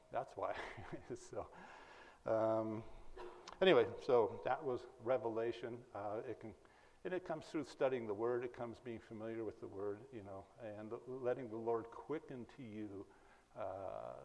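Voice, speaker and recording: A man's voice: medium pitch, a little mellow. A man from the Berkeley, California area giving an informal sermon, telling personal stories in a conversational, folksy way and chuckling at his own jokes. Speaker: preacher. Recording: long hall reverb.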